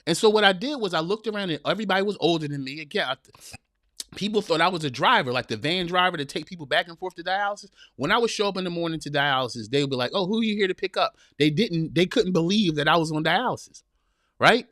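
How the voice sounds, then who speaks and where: A man with a slightly high voice gives a heartfelt motivational talk to his listeners. He is folksy and repeats himself for emphasis, calling his audience y'all. The sound is dry and close, with no room around it. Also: expressive, fast talker, a bit bright, dry recording. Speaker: podcast host.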